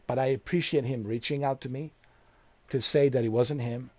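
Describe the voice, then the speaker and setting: A man's voice: mid-range voice, steady tone, normal speed, dry recording. Angry, profane male streamer ranting. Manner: profane, heated, blunt. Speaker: game streamer. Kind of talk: angry rant to live chat.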